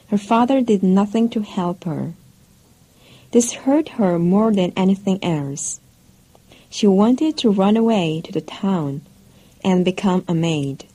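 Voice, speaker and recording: A woman narrating a classic storybook for English learners in a clear, careful, even way. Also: medium pitch, poor audio. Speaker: audiobook narrator.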